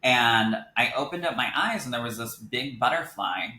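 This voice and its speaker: A young man, a psychic medium, telling his story in a casual interview and acting out what others said in lively voices, laughing easily. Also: mid-range voice, moderate pace. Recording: echoey room with faint noise.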